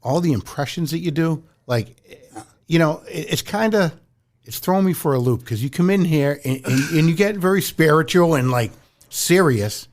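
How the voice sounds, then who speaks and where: A man hosting a casual podcast interview, conversational and affirming, often halting mid-thought. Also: fairly high pitch, lively intonation. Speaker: podcast host.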